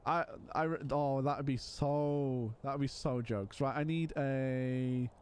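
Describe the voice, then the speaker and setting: A man's voice: medium pitch, fairly even intonation, slow, slight background noise. A man chatting casually while streaming a game, rambling with frequent restarts. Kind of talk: casual live-stream chat while playing.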